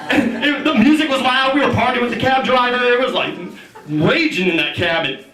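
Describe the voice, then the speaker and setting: Man, 30s, stand-up host, loud banter, high voice, distant mic, big crowd. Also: brisk, echoey room. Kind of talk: stand-up comedy at a house party. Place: large room in a house, with a live audience.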